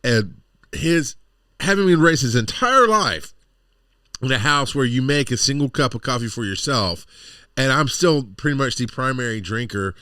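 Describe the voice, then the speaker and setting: A man's voice: mid-range voice, lively intonation, moderate pace, bright, forceful tone, clear, resonant tone, no echo. Dry-voiced man telling rambling stories. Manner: rambling storyteller, exasperated asides. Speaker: podcast co-host. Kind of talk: casual chat.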